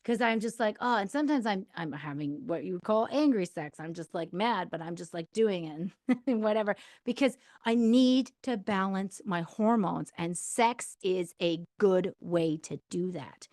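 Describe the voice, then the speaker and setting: A woman's voice: mid-range voice, animated, normal speed, a little mellow, no echo, studio quality. A woman in her thirties hosting a podcast, giving candid, chatty advice with lots of fillers. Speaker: podcast host. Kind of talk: casual advice monologue.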